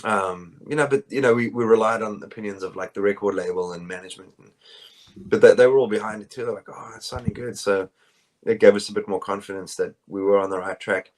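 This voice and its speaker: Rambling South African man, low voice. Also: fairly even intonation, fast. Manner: rambling, many fillers and restarts. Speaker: bassist, interview guest. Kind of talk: casual interview answers. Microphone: phone call.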